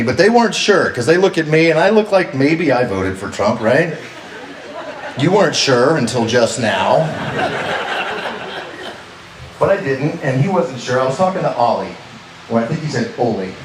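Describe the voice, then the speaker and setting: On a comedy club stage before a live audience, a medium-pitched man performs stand-up, chatting with the crowd and repeatedly asking "right?". He's picked up from a distance, and the roomy venue carries faint noise.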